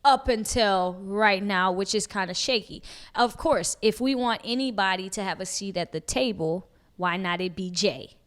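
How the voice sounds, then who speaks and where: A woman's voice: mid-range voice, moderate pace, few pauses, a bit bright. A woman co-hosting a podcast in casual chat, laughing often and talking in slang. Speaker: podcast co-host.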